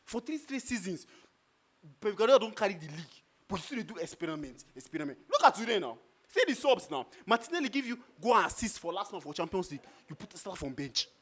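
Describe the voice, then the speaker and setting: A man's voice: high voice, very animated, fast, a bit bright. A man with a Nigerian Pidgin English accent, ranting in a heated, exasperated way as a football fan in a street reaction.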